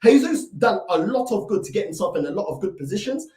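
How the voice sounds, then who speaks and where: A woman's voice: mid-range voice, very animated, fast talker, warm tone. A woman delivering a fuming, repetitive rant as a football fan reacting to a match. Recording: echoey room, mic at a distance.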